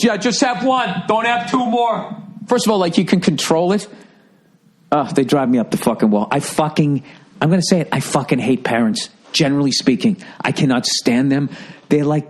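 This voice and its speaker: A man's voice: medium pitch, a little mellow. A man, a comedian and podcast host, telling a profane, ranting story in a monologue from a room at home.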